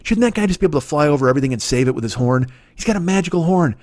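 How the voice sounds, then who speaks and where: A man's voice: fairly high pitch, expressive, very fast, darkish tone. A man in his forties, a podcast host, delivering a rambling, profane comedic monologue that jumps from tangent to tangent. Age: 40s.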